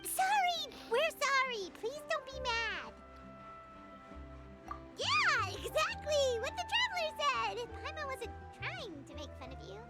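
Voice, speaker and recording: Paimon, a squeaky fairy companion. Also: female voice, wildly swooping pitch, slow, over loud music, full character voice. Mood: pleading. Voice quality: squeaky, bouncy. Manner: teasing, cheeky. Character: tiny floating female fairy companion, chirpy and blunt. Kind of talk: game dialogue.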